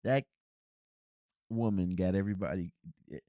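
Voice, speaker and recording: A man's voice: moderate pace, no room sound, clean studio sound. A man hosting a casual solo movie review podcast, rambling with restarts and fillers. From Cincinnati, US. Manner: rambling, frequent restarts and fillers, animated swings in pitch.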